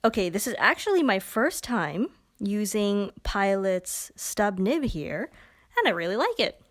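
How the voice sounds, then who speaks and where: A woman's voice: mid-range voice, very animated, measured pace. A woman hosting a casual live stream from a pen shop, chatty and giggly, with self-mocking asides as she demonstrates inks. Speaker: live-stream host demoing pens and ink.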